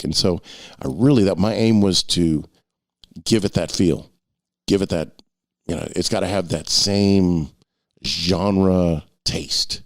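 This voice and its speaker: A man's voice: sits low, slow pace, long pauses, no echo, studio quality. A middle-aged man and novelist talking casually to camera in a rambling, long-winded way with frequent restarts.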